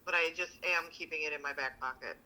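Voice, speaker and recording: A woman's voice: deep voice, fast, sharp tone, poor audio. A woman co-hosting a podcast in casual chat, blunt and bawdy with constant swearing. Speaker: podcast co-host.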